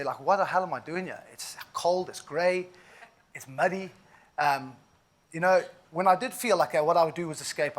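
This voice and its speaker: A man of about forty with a South African accent, giving an inspirational keynote and telling his story in a vivid, emphatic way with frequent asides. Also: fairly high pitch. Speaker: keynote speaker.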